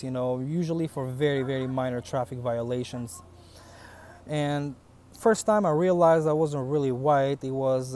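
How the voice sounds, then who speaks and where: A man's voice: mid-range voice, warm tone. Blunt, profane man with a foreign accent. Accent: foreign accent in English. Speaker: vlogger. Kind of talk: casual monologue to camera.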